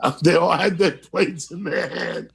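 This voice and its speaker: A man telling a story in a casual podcast chat, animated and swearing, acting out what people said. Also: on the high side, a little slow, gravelly, slightly rough. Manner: animated, swearing, acts out quotes. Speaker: guest storyteller.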